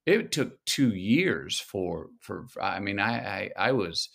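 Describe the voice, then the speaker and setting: A man, a guest telling stories slowly and thoughtfully in an interview. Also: lowish voice, sing-song, vocal fry, fairly bright tone, slightly rough. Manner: slow, reflective storytelling with drawn-out pauses. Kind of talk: conversational interview.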